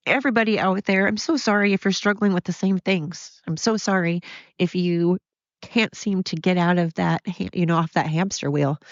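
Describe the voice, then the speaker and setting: On a muffled recording with no echo, a lowish-voiced, middle-aged woman rambles through her struggles on a solo podcast she hosts from home. She's apologetic and openly emotional throughout.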